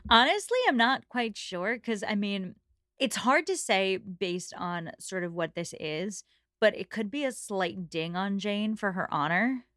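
A woman co-hosting a book podcast, wry and animated as she riffs on the characters. Her voice sits dry and close, with no room sound. She talks in an easy, conversational way. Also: medium pitch, unhurried, no room sound. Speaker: podcast co-host. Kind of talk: casual book discussion.

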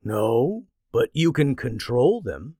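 A man voicing a calm, wise, winged male creature who talks in a slow, measured way. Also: medium pitch, no echo, studio quality.

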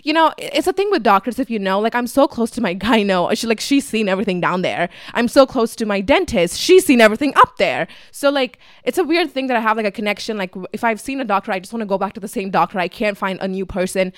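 A woman's voice: medium pitch, expressive, fast, few pauses, no room sound, studio quality. A young woman in her twenties from Dubai, telling a personal story in a casual, chatty podcast monologue, full of fillers and swearing. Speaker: podcast host.

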